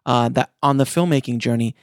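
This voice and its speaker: A middle-aged man speaks to his listeners in a gravelly, fry-edged voice at an ordinary pitch. His delivery is earnest and passionate, with many restarts as he goes. The recording is dry, with no room sound around him. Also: brisk, no room sound. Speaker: filmmaker and podcast host. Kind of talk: casual monologue to listeners.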